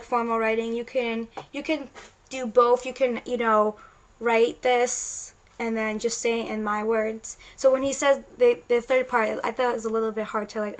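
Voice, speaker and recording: Woman, science teacher, casual lecture, fairly high pitch, chatty, self-correcting. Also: low-quality recording. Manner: casual, chatty explaining with many restarts. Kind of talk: recorded classroom lecture.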